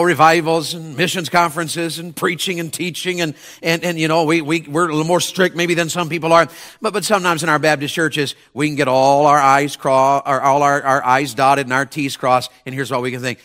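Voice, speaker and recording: A man preaching a revival sermon in a church, folksy and conversational, swinging from loud shouts to hushed mocking asides. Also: fairly high pitch, a little fast. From mountain region of the American South. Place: church sanctuary with congregation.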